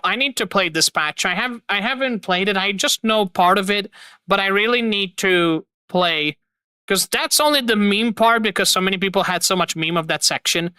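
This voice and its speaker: A man's voice: sits high, bright, forceful tone, clean tone, no echo, clean studio sound. A man hosting a live stream, chatting casually and enthusiastically to his viewers and rambling about voice acting and games. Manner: rambling, enthusiastic, talks to chat. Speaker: streamer host.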